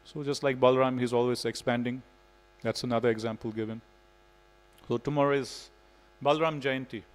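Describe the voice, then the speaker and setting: A man's voice: medium pitch, fairly even intonation, normal speed, poor audio. A man giving a devotional scripture class in a temple, telling stories in a casual way with frequent "you know". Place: temple hall.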